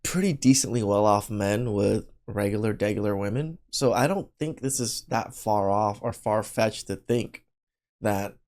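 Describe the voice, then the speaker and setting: A podcast co-host reacting to a clip with blunt, incredulous comments and loud exclamations. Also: female voice, a bass voice, unhurried.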